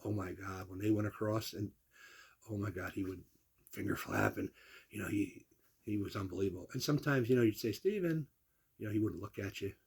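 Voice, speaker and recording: A man in his sixties speaks a little fast in a lowish, gravelly, husky voice, casually telling salty family stories and acting out the people he quotes with animation. A little hiss or hum is audible.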